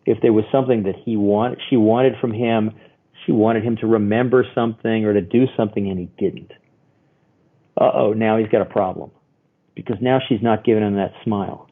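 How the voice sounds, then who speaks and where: A husky-voiced man speaks over a thin, phone-like line from a remote call. He explains things as a guest therapist, telling little stories and acting out the people he quotes. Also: medium pitch, a little fast. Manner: acts out quoted voices, animated storytelling. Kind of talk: expressive explaining.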